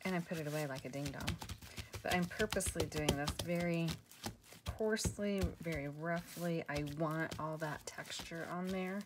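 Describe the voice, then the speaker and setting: A woman's voice: low-pitched, normal speed, very noisy. Chatty woman narrating a craft tutorial. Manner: chatty, self-deprecating, many fillers and restarts. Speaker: craft video host.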